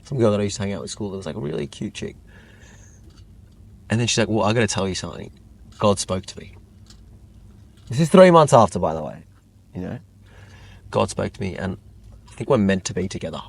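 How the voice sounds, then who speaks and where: Guest: young guy, lowish voice, rambling storyteller, heavy on "like". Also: fast talker, gravelly, long pauses, breathy edge. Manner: rambling, lots of "like", animated retelling. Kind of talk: casual storytelling chat.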